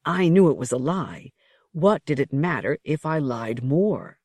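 A reader voicing an old, defeated male rebel leader who speaks slowly and orates in grief. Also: a little high, animated, a little mellow, no echo. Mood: quiet. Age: older. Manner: slow, grieving, orating. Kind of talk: audiobook character reading.

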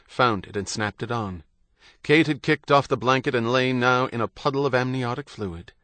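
An audiobook narrator reads a novel in a measured, steady storytelling manner. His voice is medium-pitched, and the scripted narration is captured with clean studio sound and no room sound.

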